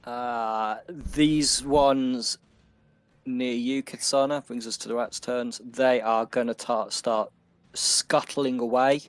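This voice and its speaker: A man narrating a tabletop game as game master, unhurried and loose, with many fillers. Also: mid-range voice, fairly even intonation, no room sound.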